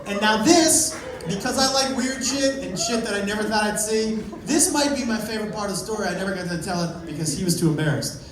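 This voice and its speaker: A man telling a story in a stand-up set, punchy and loud at times, swearing freely. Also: high-pitched, fairly quick, background noise. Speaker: stand-up comedian. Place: comedy club stage with a live audience. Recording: echoey, distant live club recording with a loud crowd.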